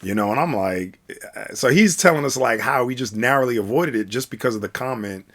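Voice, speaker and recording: A man's voice: mid-range voice, expressive, fairly quick, fairly bright tone. A man telling a casual personal story, rambling with many fillers and restarts. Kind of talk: casual spoken anecdote.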